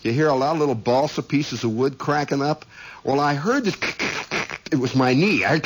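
Folksy storytelling man, husky voice. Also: medium pitch, moderate pace, low-quality recording. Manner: folksy, animated, acts out voices and exclamations. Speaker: radio host telling stories. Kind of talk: rambling storytelling monologue.

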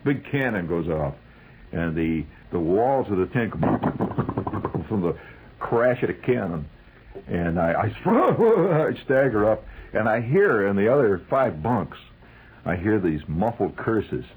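A man telling a comic, wry story about army life, acting out the shouted calls. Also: on the low side, animated, takes it slowly, husky, rough recording.

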